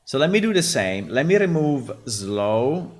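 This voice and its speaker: A man's voice: medium pitch, sing-song, measured pace. A man with an Italian accent, hosting a developer stream and bluntly critiquing test voices. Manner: blunt, critiques and swears freely. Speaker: game developer host. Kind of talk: casual livestream commentary.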